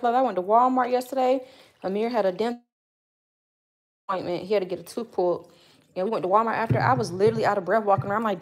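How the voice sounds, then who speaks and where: A woman with a mid-range voice talks fast and pauses often as she cooks in her home kitchen for her channel, chatting loosely and slangily to viewers and her kids between steps. A phone camera nearby records her and gets set down at times.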